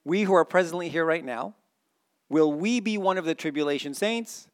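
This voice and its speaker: A male preacher with a slightly high voice delivers a sermon to his congregation. He reads the verses aloud, throws questions out to the pews and goes from excited bursts to hushed, earnest repetition. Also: normal speed. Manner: animated, swings from excited shouting to quiet earnest emphasis. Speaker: pastor.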